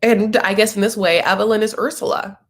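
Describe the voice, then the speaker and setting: A man's voice: sits high, fairly even intonation, brisk, a bit bright. A man recapping a reality show in a campy, chatty way, calling the viewer honey. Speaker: TV recap host. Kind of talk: casual recap commentary. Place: at home, sitting cross-legged.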